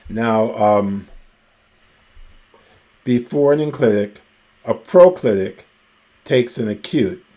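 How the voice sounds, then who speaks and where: A man teaching ancient Greek grammar in a recorded lecture, explaining the rules slowly and methodically and pausing often with ums. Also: medium pitch, mellow.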